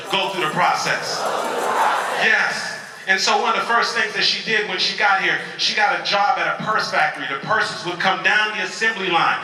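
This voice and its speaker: Bright-voiced male motivational speaker, echoey hall. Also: sits high, distant mic. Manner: emphatic, leads audience call-and-response. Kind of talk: motivational speech. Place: convention hall.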